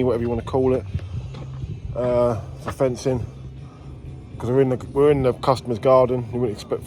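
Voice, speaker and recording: A man chatting casually on an outdoor work site as he vlogs about his landscaping business, bantering and rambling. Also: mid-range voice. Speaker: vlogger, landscaping business owner. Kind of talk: casual on-site vlog chat.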